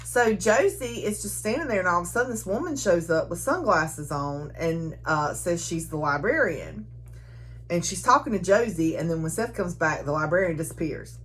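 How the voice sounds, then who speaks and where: A woman's voice: on the low side, lively intonation, moderate pace, a bit bright, a little hiss or hum. Giggly woman recapping a book. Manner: chatty, giggly, frequent laughter. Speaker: book reviewer.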